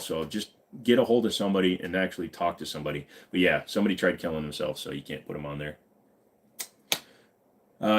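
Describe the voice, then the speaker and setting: A man hosts a casual live stream from the back of a van. He reads viewer comments and answers in an easygoing, rambling way. His talk is loose and full of ums and restarts. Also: deep voice. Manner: relaxed, rambling, many fillers and restarts. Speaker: livestream host.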